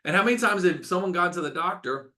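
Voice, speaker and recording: A man's voice: sits high, lively intonation, fast talker, bright, forceful tone. A middle-aged man, a doctor hosting a webinar, talking with passion, ranting and repeating words for emphasis.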